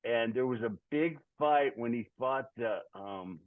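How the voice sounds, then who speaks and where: A man's voice: medium pitch, measured pace, a crowd in the background. A man in his sixties, a guest musician, chatting in an easygoing, rambling way over a remote call. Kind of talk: casual podcast chat. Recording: tinny phone-like call audio.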